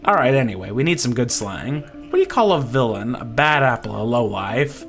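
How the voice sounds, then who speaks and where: A man voicing a brash, pushy male film director in a game, loud, rude and fast-talking. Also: medium pitch, animated, faint music behind. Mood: excited, bossy.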